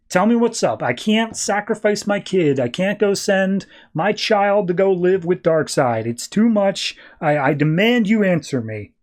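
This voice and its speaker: A man voicing a grieving male war leader who pleads with halting repeats. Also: high voice, a little mellow, voice pushed up.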